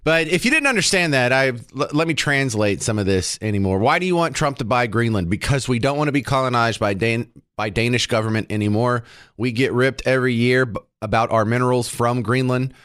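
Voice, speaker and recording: Joking talk radio host, dry studio. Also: male voice, mid-range voice, brisk, a bit bright, clean tone, dry recording. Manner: jokey, sarcastic, rambling. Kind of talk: casual opinionated radio talk.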